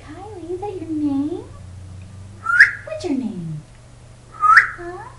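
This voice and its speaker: A woman's voice: very high voice, huge pitch swings, drawn-out words. A woman talking to her pet parrot in a coaxing, sing-song baby-talk voice, praising and prompting it. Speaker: pet owner. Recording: roomy, distant home-camera sound with loud noise.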